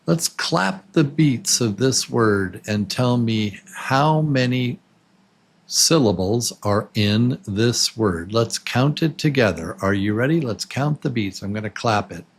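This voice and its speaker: A man teaching English to absolute beginners, patiently repeating words slowly and counting syllables with the listener. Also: mid-range voice, expressive, breathy edge. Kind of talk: slow, clearly spoken beginner English lesson.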